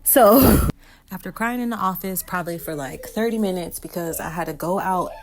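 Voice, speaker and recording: A woman's voice: on the low side, moderate pace, slight background noise. A woman hair vlogger telling a casual storytime while she does her hair, acting out each quote with energy. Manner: animated storyteller who acts out every quote.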